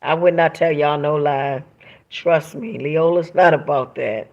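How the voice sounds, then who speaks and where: A woman's voice: low-pitched, measured pace, a little mellow, highs cut off. A woman hosting a livestream, reading viewer comments aloud and talking in an emphatic, preachy way that repeats phrases for emphasis. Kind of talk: emotional livestream monologue.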